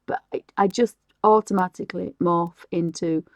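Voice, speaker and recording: A woman's voice: lowish voice, fairly even intonation, normal speed, no echo. A middle-aged woman from England chatting casually while she colours on a live stream, rambling with restarts and light laughs.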